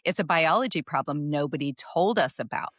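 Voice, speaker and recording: A woman hosting a podcast, upbeat and quick to laugh as she introduces a guest. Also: low-pitched, lively intonation, dry recording, clean studio sound. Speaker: podcast host. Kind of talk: casual podcast chat.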